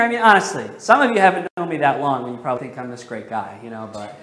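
A male pastor preaching a sermon in a church, questioning the congregation and slowing down to stress key phrases. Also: high-pitched, animated, fairly bright tone, husky. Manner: emphatic, slows down on key phrases. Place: church sanctuary.

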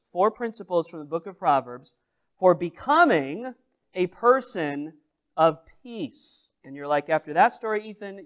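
Animated male pastor with lively pitch. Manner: animated, addresses the congregation directly. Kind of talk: sermon with storytelling.

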